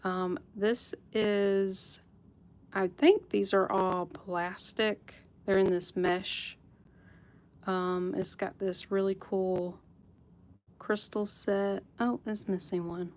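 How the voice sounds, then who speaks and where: A woman's voice: medium pitch, little pitch movement, slow pace, darkish tone. A woman hosting a live jewelry sale stream, chatting casually with viewers by name and laughing often. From United States.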